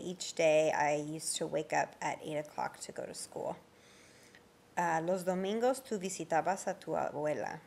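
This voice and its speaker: A Spanish teacher with a fairly low voice and vocal fry leads a grammar lesson from slides. She explains patiently, saying "um" often, and reads example sentences aloud before translating them.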